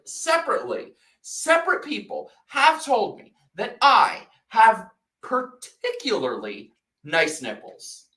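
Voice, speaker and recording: A man hosting a casual live-stream chat, loud, crude and excitable, quick to laugh. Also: sits high, reverberant. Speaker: podcast host.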